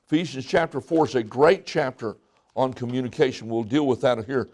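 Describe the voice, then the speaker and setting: A man's voice: medium pitch, a little fast, a little mellow. A middle-aged male pastor preaching a folksy sermon, joking and acting out what people say.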